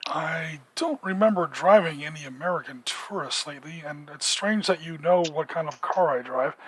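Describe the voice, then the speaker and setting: A man's voice: on the high side, normal speed, a bit bright, natural voice, poor audio. A man voicing a guarded male taxi driver tied to the mafia, who speaks curtly and warily. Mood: wary.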